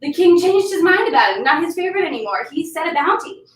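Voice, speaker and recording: A woman's voice: very high-pitched, sing-song, fast. A woman voicing a trickster's laid-back young son in a casual, matter-of-fact way. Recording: roomy, from mic distance.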